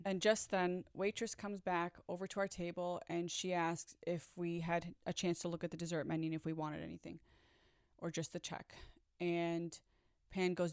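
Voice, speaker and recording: A woman with a lowish voice talks straight to the camera in a casual storytime vlog. She is blunt and candid, swears freely and turns to her viewers as she tells her story. The sound is dry and close, with no room echo. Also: little pitch movement, moderate pace, smooth. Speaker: storyteller recounting a past relationship. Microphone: own microphone.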